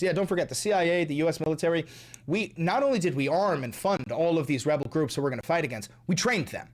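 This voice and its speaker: A man's voice: on the high side, animated, fast. A man hosting angry political commentary, talking in a heated, profane and sarcastic way.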